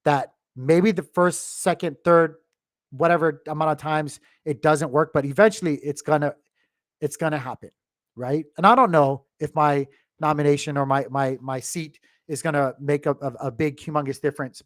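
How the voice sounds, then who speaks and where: A man's voice: fairly high pitch, no echo, studio quality. A man hosting a crypto channel, talking casually to his viewers with many restarts and fillers, choked up with emotion.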